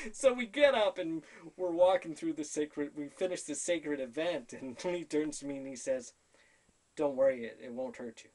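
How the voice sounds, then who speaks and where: A man's voice: fairly high pitch, moderate pace. A man telling a personal story to camera, animatedly quoting conversations and laughing at himself. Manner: animated, quotes conversations in his own voice. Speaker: spiritual storyteller.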